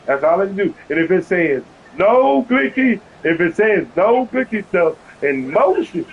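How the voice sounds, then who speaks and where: Agitated husky man arguing over a game. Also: sits high, very animated, a little slow, phone-quality sound. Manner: agitated, keeps repeating "hold on". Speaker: video game streamer. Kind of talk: heated argument over voice chat.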